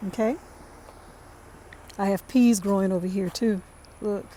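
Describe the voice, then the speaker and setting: A woman's voice: medium pitch, fairly even intonation, a little slow, dark tone, slight background noise. A woman giving a casual tour of her backyard garden, chatting to viewers and calling them y'all. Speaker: home gardener vlogger.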